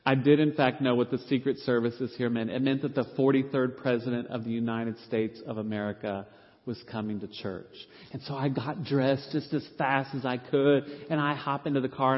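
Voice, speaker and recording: A middle-aged man, a pastor, telling an animated, self-deprecating story from the pulpit and acting out the people he quotes. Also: medium pitch, a little fast. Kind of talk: storytelling sermon. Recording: reverberant hall, dull lo-fi sound.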